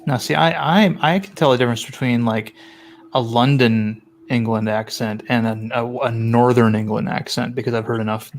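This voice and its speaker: A man's voice: mid-range voice, fairly even intonation, moderate pace, slight background noise. A man joking and teasing others in a casual group chat.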